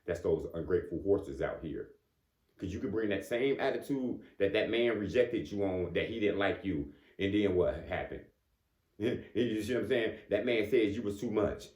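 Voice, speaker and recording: A man's voice: fairly low pitch, expressive, moderate pace, darkish tone. A man giving a casual motivational talk. He speaks conversationally, keeps asking "you know what I'm saying," and chuckles between points. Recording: echoey room.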